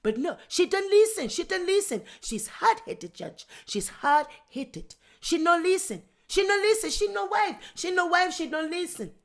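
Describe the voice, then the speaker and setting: Brief: woman putting on a deadpan, low-muttering African husband with a French-tinged West African accent. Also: moderate pace, hardly any pauses, full character voice. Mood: pleading. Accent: put-on West African French. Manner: low, mumbling, evasive, deadpan refusals. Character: sheepish middle-aged African husband under oath.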